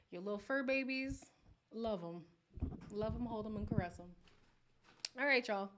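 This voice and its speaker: A woman hosting a live recap stream, chatting casually with viewers and reacting with animated exclamations. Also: medium pitch, normal speed, pauses often, a little hiss or hum.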